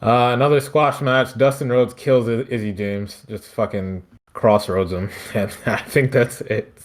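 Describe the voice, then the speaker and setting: A man's voice: mid-range voice, steady tone, unhurried. A man from Philadelphia hosting a podcast, recapping wrestling in a loose, profane, rambling way. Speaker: podcast host. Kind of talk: casual wrestling recap chat.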